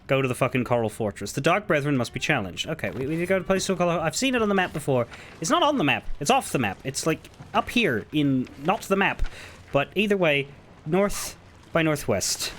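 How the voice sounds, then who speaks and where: A male streamer chats casually over his game, joking and swearing in exasperation. His voice rises and falls lively. A faint noise hums under it. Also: fairly high pitch. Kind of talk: casual gameplay commentary.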